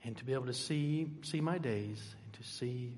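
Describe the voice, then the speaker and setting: A man's voice: medium pitch, a little hiss or hum. Older male preacher in an echoing hall. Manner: emphatic, swings between loud and soft, dramatic pauses. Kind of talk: sermon. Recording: echoey hall.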